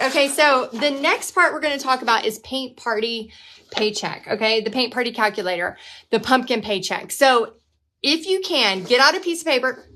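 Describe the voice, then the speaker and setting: A woman's voice: normal speed, bright, forceful tone. A woman, hosting a live painting class from her home art studio in a chatty, upbeat way. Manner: chatty, upbeat, talks to her dog in a high baby voice. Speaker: painting instructor and host. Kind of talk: casual live-stream teaching.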